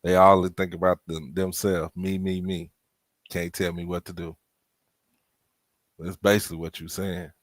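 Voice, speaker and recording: A man on a basketball podcast calmly summing up what the others say in a casual chat. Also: sits low, measured pace, pauses often, dry recording.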